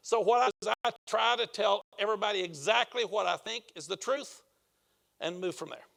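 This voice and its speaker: A man's voice: high voice, normal speed, creaky, a bit bright. An older man, a football coach, giving a clinic talk to a room of coaches and telling folksy stories with acted-out quotes. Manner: folksy storyteller who acts out quoted lines. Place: meeting room with an audience.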